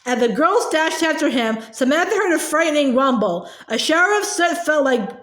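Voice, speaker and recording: A woman reading a children's book aloud, halting often with fillers and restarts. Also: high voice, expressive, fairly bright tone. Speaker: reader. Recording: echoey room.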